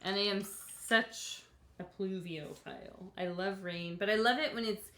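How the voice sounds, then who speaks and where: A woman's voice: mid-range voice, fairly even intonation, moderate pace, fairly bright tone. A woman co-hosting a painting show, chatting playfully and laughing easily. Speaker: co-host. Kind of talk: casual chat.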